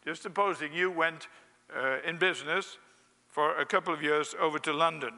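A man's voice: on the high side, steady tone, normal speed, pushed and bright, long reverb tail. A man preaching a sermon, telling a wry anecdote and acting out its quotes.

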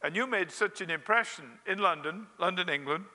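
A man's voice: sits high, fairly quick, bright, forceful tone, big-room sound. A man preaching a sermon, telling a wry anecdote and acting out its quotes.

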